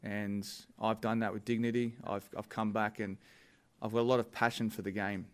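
An Australian man answering questions at a press conference in a measured way, with halting restarts. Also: lowish voice, flat delivery.

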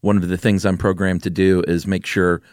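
Casting note: male podcast co-host, very low voice, dry close recording, chatty and jokey. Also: level tone, darkish tone, dry recording. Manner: chatty, joking, quick to chime in. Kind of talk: casual conversational podcast.

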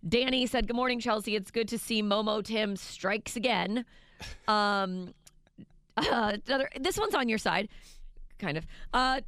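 A woman co-hosting a morning radio show, teasing her co-host with exasperated, lively banter. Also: mid-range voice, dry recording.

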